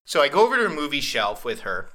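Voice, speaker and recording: A podcast host chatting casually and telling a rambling, animated story. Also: male voice, fairly high pitch, quick pace.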